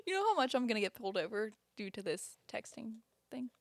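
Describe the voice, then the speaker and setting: A young American woman co-hosting a podcast, chatty and teasing, laughing loudly. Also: fairly high pitch, very animated, quick pace, gravelly, no room sound, clean studio sound. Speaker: podcast co-host. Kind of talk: casual chat.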